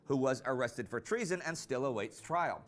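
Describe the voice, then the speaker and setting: A man giving scripted narration for a history documentary series, measured and storytelling, rising for quoted lines. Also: medium pitch, lively intonation. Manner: measured storytelling delivery, rises for quoted speech.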